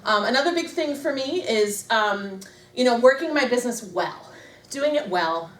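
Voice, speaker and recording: A woman's voice: a little high, lively intonation, moderate pace, a bit bright. A woman giving a talk to a live audience at a leadership meeting, self-deprecating and humorous, laughing often. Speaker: motivational speaker at a business leadership meeting. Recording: echoey room, mic far off, faint noise.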